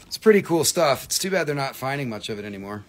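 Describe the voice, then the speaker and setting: A man's voice: medium pitch, sing-song, quick pace. A man hosting a live rock and mineral sale, chatty and joking, with casual swearing. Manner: joking, profane and chatty, teasing viewers. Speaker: host selling rocks and minerals on a livestream. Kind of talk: casual live sales chat.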